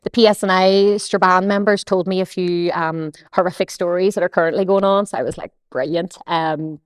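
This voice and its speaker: A woman's voice: fairly low pitch, fairly even intonation, a little fast, dry recording, clean studio sound. A young woman with a Northern Irish accent, a podcast guest telling stories bluntly and swearing freely. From Northern Ireland. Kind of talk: casual podcast interview.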